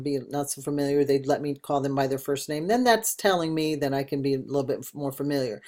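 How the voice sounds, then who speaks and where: A woman's voice: sits low, a little mellow. An older woman, a retired teacher working from home, giving a patient language lesson and spelling out words for learners.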